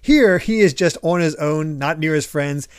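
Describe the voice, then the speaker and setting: A man hosts a casual podcast chat, retelling scenes with animated energy and frequent laughter. His voice sits a little high. The sound is dry and close, with no room around it. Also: moderate pace, clean tone, no room sound. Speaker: podcast host.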